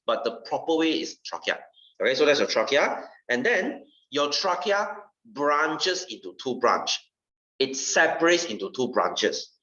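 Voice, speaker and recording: A young man with a Singaporean English accent teaches a science class, his pitch rising and falling a lot as he explains. He talks in a loose, chatty way and fills almost every pause with "okay". The sound is dull and a little distant from the mic. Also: sing-song, bright, forceful tone. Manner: chatty, repeats "okay" constantly. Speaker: science tutor. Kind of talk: classroom lesson.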